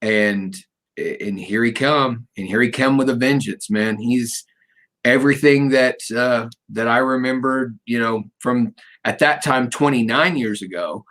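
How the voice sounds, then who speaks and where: A middle-aged man hosting a casual interview, rambling warmly through personal stories and cracking jokes. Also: mid-range voice, measured pace. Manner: rambling, storytelling, jokey. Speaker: radio show host.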